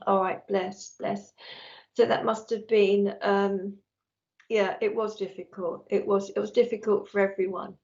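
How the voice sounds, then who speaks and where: A woman working as a psychic medium on a live stream, chatty and affectionate, reading messages from viewers. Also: mid-range voice. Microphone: earphones with mic. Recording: slightly dull lo-fi stream audio.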